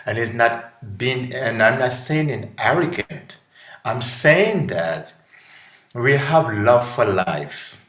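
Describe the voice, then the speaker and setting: A Jamaican man talks in an inspirational, preachy way, taking his time over each phrase. His voice sits a bit low and the recording rings with room echo. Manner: preachy, animated, acts out voices. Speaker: guest musician. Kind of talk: inspirational casual talk.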